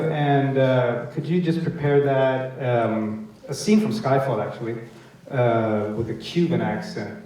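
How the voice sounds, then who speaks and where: A man's voice: mid-range voice, measured pace, darkish tone. Rambling man telling stage anecdotes. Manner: rambling, hesitant, laughing often. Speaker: actor guest. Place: festival stage event. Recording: echoey hall, distant mic.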